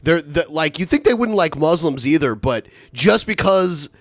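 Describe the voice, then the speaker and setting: Male podcast co-host, fairly high voice, dry sound, easygoing manner. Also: animated, normal speed, dry recording. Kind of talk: casual chat.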